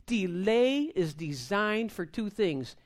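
A woman preaching a sermon in an animated, amped-up way, acting out prayers and laughing with the congregation. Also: mid-range voice, slow.

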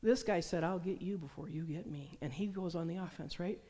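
Woman preacher telling stories, warm lowish voice, acts out the quotes, big echoey hall. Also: fairly quick. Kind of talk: sermon. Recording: long hall reverb.

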